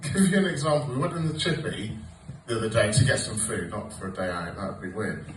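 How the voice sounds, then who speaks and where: A man in his forties tells sweary, sarcastic stories at a club. His pitch jumps all over the place while he talks. He sounds distant, caught in a roomy space with noise underneath. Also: very animated, fast talker. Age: 40s. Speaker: stand-up comedian. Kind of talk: stand-up comedy set. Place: comedy club stage with audience laughter. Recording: roomy live club recording from afar.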